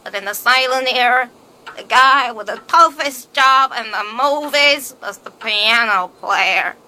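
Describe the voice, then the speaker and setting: Woman narrator, documentary style, high voice, bright tone. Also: measured pace.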